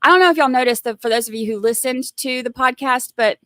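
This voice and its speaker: A woman's voice: high-pitched, fast talker, sharp tone, no echo. Southern woman, livestream host; loose chatty ramble, restarts sentences, dry sound. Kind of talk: casual livestream chat.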